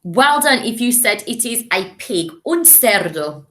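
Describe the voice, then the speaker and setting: Unhurried and sing-song, this English primary teacher has a fairly bright voice on the high side. In her recorded lesson she speaks clearly and encouragingly, modelling words for the children to repeat.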